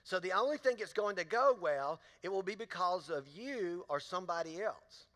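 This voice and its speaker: In a big church auditorium full of long reverb, a male pastor delivers a sermon built on folksy stories, addressing the crowd directly. He speaks at normal speed in a high-pitched, expressive, slightly bright voice.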